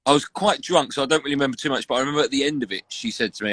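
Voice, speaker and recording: A man's voice: medium pitch, a bit bright, no echo. A man, a host chatting on a live video stream, telling jokey anecdotes and posing would-you-rather questions. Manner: jokey storyteller, brisk anecdotes. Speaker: radio host. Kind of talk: casual live-stream chat. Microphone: online live video call.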